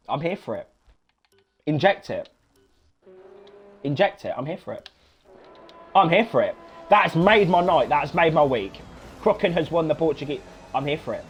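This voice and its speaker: A young man giving live sim-racing commentary, excitable, swearing and shouting encouragement at the drivers. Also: fairly high pitch. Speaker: race commentator.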